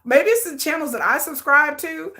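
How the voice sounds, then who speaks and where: Bright-voiced, sassy woman streamer. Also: high-pitched, moderate pace. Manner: sassy, animated, laughs often. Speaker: content creator hosting a live watch-along. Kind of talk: casual live watch-along commentary. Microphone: desk setup with ring light.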